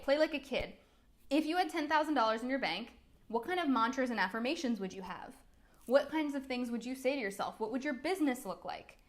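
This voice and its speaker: Chatty upbeat woman coach. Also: on the high side. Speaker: business coach. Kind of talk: live-streamed coaching talk.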